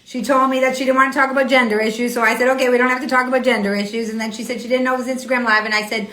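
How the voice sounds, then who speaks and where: A woman's voice: fairly high pitch, steady tone, racing, few pauses, fairly bright tone. A woman hosting her weekly live stream, arguing with viewers' comments in an indignant, repetitive way. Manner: indignant, argumentative, repeats herself. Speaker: host of a weekly live show. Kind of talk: Instagram live stream, reading and answering comments. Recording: echoey room.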